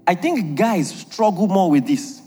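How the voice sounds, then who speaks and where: Man, preacher, humorous sermon, jokey, slightly high pitch, echoing hall. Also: animated, a little slow, warm tone, husky, faint music behind. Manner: jokey, laughs often, emphatic asides.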